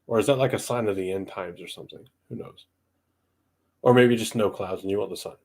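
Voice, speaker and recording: A man's voice: fairly low pitch, a little fast, a little mellow. A young man from the southeastern United States chatting casually on a livestream podcast, thinking aloud with lots of ums and restarts. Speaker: podcast host.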